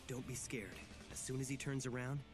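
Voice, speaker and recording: A man playing a composed, calculating teenage genius in an anime dub. The voice sits at a middle pitch and stays cool and level, with faint music behind. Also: flat delivery, fairly quick, close to an everyday voice. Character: calm, calculating male high school genius.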